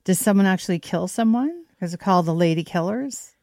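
A woman interviewing a guest in a casual, upbeat chat with quick reactions. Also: on the low side, expressive, a little mellow, no room sound.

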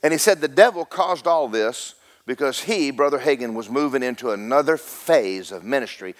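A middle-aged man preaching a sermon as pastor, rising to a loud rhythmic peak and slipping in joking asides to the congregation. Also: mid-range voice, lively intonation, moderate pace.

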